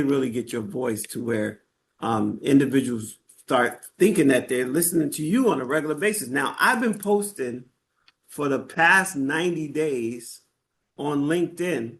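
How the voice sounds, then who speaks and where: A man's voice: mid-range voice, lively intonation, unhurried, a bit bright. A man teaching a live online workshop in a conversational way, often checking in with his listeners and using fillers as he goes. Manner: conversational, checks in with "right?" and "okay?"; frequent fillers and restarts. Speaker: workshop instructor.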